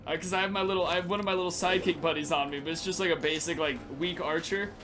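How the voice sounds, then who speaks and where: A man giving joking, excitable commentary while he plays a game late at night and laughs often. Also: a little high, rapid-fire, music in the background. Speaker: gaming channel host. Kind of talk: casual gameplay commentary.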